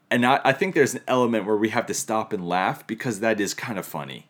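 Deep-voiced male preacher. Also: fairly quick, hardly any pauses. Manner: reflective, lightly humorous teaching. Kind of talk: sermon on scripture.

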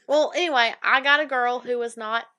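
A young woman with a high, bright, crisp voice tells a long, rambling story in casual chat. She keeps circling back with "anyway" and acts out the voices of the people she met. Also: fairly quick. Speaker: podcast co-host.

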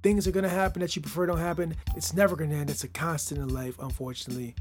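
A man hosting a motivational podcast, talking straight to the listener, often tagging lines with "right?" and swinging from loud emphasis to quiet asides. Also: a little high, fairly even intonation, rapid-fire, faint music behind. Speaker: podcast host.

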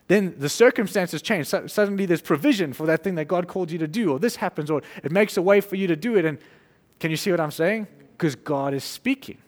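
A man preaching an informal sermon, conversational and animated, acting out little quotes and laughing as he goes. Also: high-pitched, fairly quick, big-room sound.

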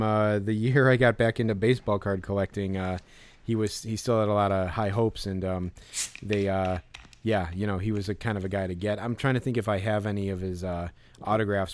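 A man co-hosting a podcast, chatting casually with lots of fillers and animated retelling. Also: on the low side. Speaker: podcast co-host. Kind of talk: casual chat.

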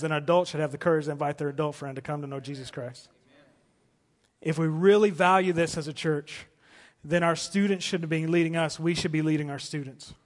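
A high-voiced male pastor preaches with fervor, his lines climbing to forceful peaks before falling into hushed, drawn-out appeals. The sound carries a long church-hall reverb around him. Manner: impassioned preaching, rising to emphatic peaks and dropping to soft pleas. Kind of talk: sermon. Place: church auditorium.

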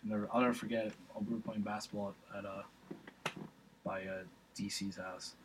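A man's voice: on the low side, level tone, normal speed, background noise. A young man telling a rambling, profane story in casual chat, full of fillers and restarts.

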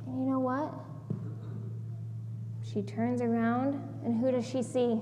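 A woman's voice: a little high, level tone, takes it slowly, long pauses, big-room sound, background noise. A woman giving a children's sermon in a church, animatedly asking the kids questions as she tells the story. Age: adult. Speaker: children's minister. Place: church sanctuary.

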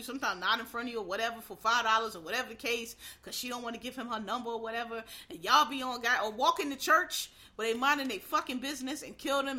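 A woman's voice: on the high side, pushed and bright. A woman from Philadelphia, ranting in a blunt, profane, heated way in casual commentary.

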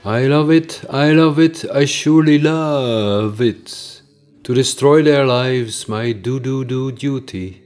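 A man's voice: medium pitch, slow, a little mellow, soft background music, natural voice. A man playing a tired, self-pitying, bullying male manager with a Dutch accent, chanting short repetitive rhyming lines. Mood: gloating.

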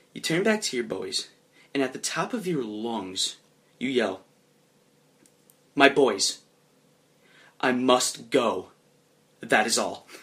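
A young man narrating his character's actions in a comedic tabletop role-play, chuckling as he goes. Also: mid-range voice. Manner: animated, chuckling, drops into quick voiced asides.

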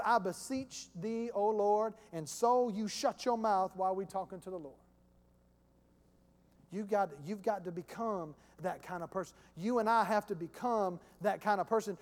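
A male pastor with a notably high voice preaches a sermon, emphatic and repetitive but conversational. His words echo with the long reverb of a church hall.

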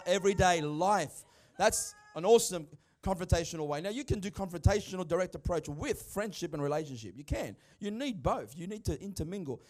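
Middle-aged pastor, high voice, emphatic and chatty from the pulpit. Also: male voice. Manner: emphatic, conversational preaching. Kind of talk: sermon.

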